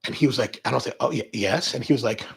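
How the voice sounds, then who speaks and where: A man hosting a coffee show, chatting with viewers and telling animated stories. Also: mid-range voice, very fast, vocal fry, husky. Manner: animated storytelling, acts out quoted exchanges. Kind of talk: live-stream chat with viewers.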